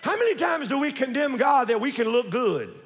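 A male pastor with a high, swooping voice delivers an animated, folksy sermon full of joking asides. His words ring out with a long reverb from the church hall around him. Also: moderate pace.

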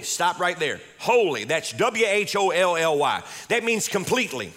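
A man's voice: fairly high pitch, sing-song, moderate pace, pushed and bright. A male pastor preaching a sermon with emphatic delivery, repeating key words and calling on the congregation to respond.

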